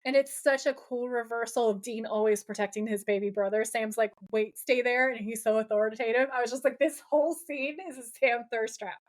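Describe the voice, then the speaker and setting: A woman's voice: fairly high pitch, fairly quick, few pauses. A woman co-hosting a podcast, animatedly recapping a TV episode in casual chat and acting out the characters' lines as she goes. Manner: animated, acts out the characters' lines while retelling scenes. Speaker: podcast co-host.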